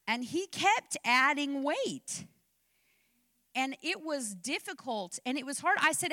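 Middle-aged woman preacher, high bright voice, animated and personal, podcast sermon. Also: measured pace, no room sound. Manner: animated preaching with personal anecdotes, rising to impassioned exhortation.

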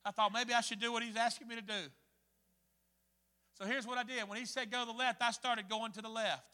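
A man preaches with a strikingly high voice and a bright, forceful edge. He tells his story with sharp swings between hushed asides and loud bursts. His voice rings with the long reverb of a church hall. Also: steady tone, a little fast. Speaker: pastor. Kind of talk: sermon.

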